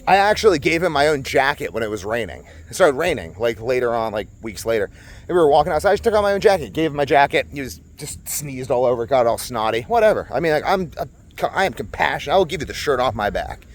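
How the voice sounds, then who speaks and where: A young man talking casually to camera outdoors, in a blunt, animated rant with sarcastic asides. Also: medium pitch, fast. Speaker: vlogger. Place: outdoors at a resort.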